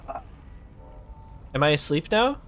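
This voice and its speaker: A man's voice: fairly high pitch, very animated, unhurried, fairly bright tone, a little hiss or hum. Sarcastic male gaming streamer. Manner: sarcastic, joking, talks back to the game. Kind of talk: gaming commentary.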